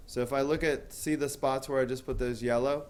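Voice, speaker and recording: A man's voice: mid-range voice, steady tone, a little fast, a little mellow. A man teaching a math class, talking casually with lots of fillers and asking students questions. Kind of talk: classroom lecture.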